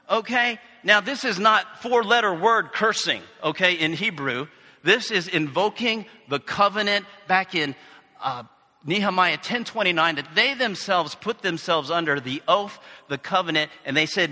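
Bright-voiced pastor preaching in a hall. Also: male voice, high voice, normal speed. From United States. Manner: animated, conversational preaching with asides and questions to the congregation. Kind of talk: sermon. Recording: reverberant hall.

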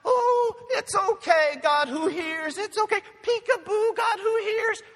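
A man putting on a high, singsong voice for a mother calling out to her son, heard in a reverberant hall. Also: takes it slowly, fairly bright tone, heavily acted.

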